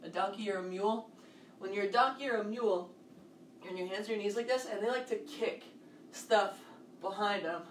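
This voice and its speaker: A fitness coach with a medium-pitched voice runs an upbeat kids' home workout at a moderate pace, counting reps and cheering the children on. She is recorded from a distance at home near a hallway, with reverb and a little hiss or hum.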